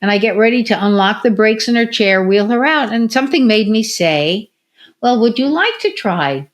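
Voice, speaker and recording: Her voice sits on the high side and moves at a moderate pace as this older American woman, a former physical therapist, shares stories in a casual interview. Lively and expressive, she acts out the quoted voices herself.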